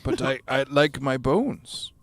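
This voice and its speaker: A man's voice: mid-range voice, takes it slowly. A man playing a tabletop game over a video call, talking in a goofy, eager way. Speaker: player. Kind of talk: casual tabletop game chat.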